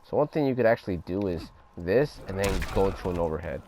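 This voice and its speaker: A man's voice: low-pitched, animated, fast talker, noisy background. A young man giving a casual, profane gameplay tutorial, talking loosely over footage. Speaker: gaming guide creator.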